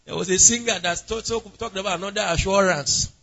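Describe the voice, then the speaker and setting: A man's voice: high-pitched, a little fast, bright, forceful tone, dull audio. A man preaching an interactive sermon, asking the congregation questions and calling on members by name. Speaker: pastor.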